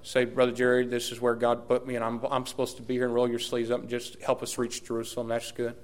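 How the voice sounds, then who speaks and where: A man, a pastor preaching a sermon and telling a story with lively, emphatic repetition. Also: medium pitch, quick pace.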